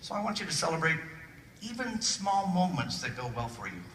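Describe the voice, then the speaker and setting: Captured on someone's phone far back in an echoey conference hall, this man speaks on the high side and fairly quickly. His motivational keynote is full of jokes and animated little character voices, and audience laughter and crowd noise fill the background.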